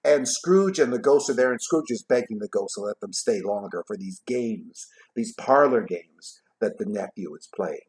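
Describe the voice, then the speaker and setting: A man casually retelling a classic story in a vlog, tossing in jokey asides and trailing off quietly at the ends of his thoughts. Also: lowish voice, lively intonation, moderate pace, hardly any pauses. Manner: chatty, jokey, adds asides while retelling. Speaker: vlogger reading a classic novel aloud.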